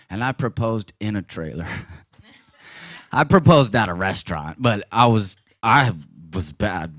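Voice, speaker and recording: A man giving a personal testimony at a church gathering, telling the story with laughs and sudden loud bursts. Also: on the low side, dry recording, clean studio sound.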